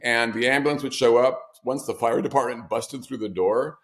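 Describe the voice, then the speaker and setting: Man, interview guest, middle pitch, reflective storyteller, wry humor, restarts and asides. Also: steady tone, normal speed, a bit bright. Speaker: author guest. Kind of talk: conversational interview.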